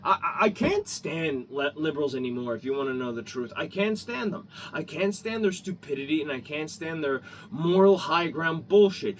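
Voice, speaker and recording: A man's voice: a little high, sing-song, normal speed, hardly any pauses, fairly bright tone, breathy edge. A man ranting in a vlog, heated and rambling, swearing often. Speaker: vlogger. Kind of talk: angry opinion rant. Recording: distant mic, faint ambient noise.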